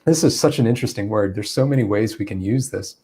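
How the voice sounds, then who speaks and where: A man's voice: on the low side, fast talker, dark tone, slightly rough. A man giving a live-streamed English lesson, explaining step by step and acting out spoken examples. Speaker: English teacher.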